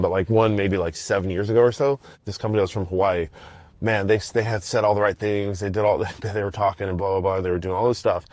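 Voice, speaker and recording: A middle-aged man talks through his podcast in a loose, slangy ramble full of restarts and fillers. His voice sits low, and the sound is dry and close with no room around it. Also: darkish tone, no room sound. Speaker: podcast host. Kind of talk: casual solo podcast talk.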